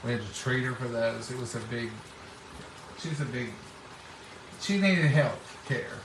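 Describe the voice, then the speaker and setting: Here a middle-aged man chats casually and unhurriedly, sharing homespun stories in a folksy way and acting out quoted speech. His voice sits at a medium pitch. The background is noisy, and the mic is distant in a roomy space.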